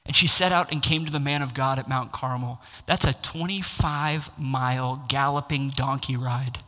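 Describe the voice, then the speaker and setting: A man's voice: medium pitch, fairly even intonation, normal speed, bright, forceful tone. A man preaching a sermon as pastor, impassioned and building to raised exclamations. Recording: long hall reverb.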